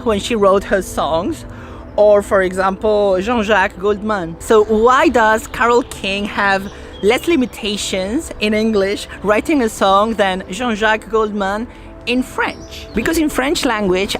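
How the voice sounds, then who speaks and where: A woman in a casual vlog, chatting outdoors in a forest and explaining songwriting. She talks in a chatty way, thinking aloud and asking herself questions. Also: mid-range voice.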